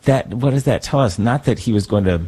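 A man, a priest, talking in a thoughtful, reflective way, pausing to search for words. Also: mid-range voice, mellow, slightly rough. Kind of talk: conversational talk.

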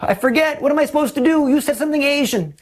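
A man voicing his flustered young son, lost in a grocery store, in a high, panicky voice. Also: quick pace. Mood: panicked.

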